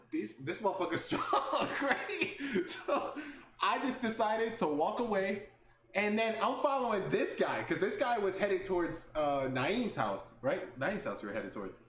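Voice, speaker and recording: Animated high-voiced young man storyteller. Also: measured pace. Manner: animated, laughing, swears freely. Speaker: podcast host. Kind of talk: casual storytelling chat. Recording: echoey room with faint background noise.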